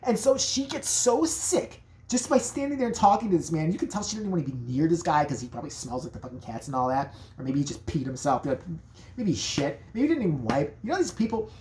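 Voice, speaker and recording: Brash, swearing woman with a low voice. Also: a little hiss or hum. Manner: brash, swearing, rambling and animated. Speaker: comedic storyteller. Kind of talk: profane comedic rant.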